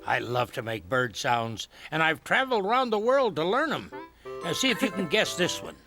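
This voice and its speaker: A man playing a cheerful elderly woodsman on a children's nature show, gently teaching bird calls. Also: on the high side, sing-song, exaggerated voice. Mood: playful. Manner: slow, gentle, playful teaching. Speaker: woodland nature guide. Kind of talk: children's TV acting. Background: background music.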